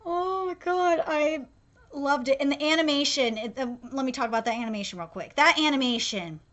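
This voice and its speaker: Young woman, high bright voice, gushing, emotional, rambling with fillers, live reaction commentary. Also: fast talker, muffled recording. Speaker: anime reaction streamer.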